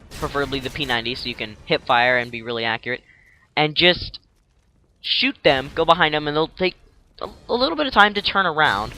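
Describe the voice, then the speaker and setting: A man's voice: on the high side, sharp tone. A young man casually narrating his gameplay as a tutorial, rambling and jokey, acting out enemies in silly voices.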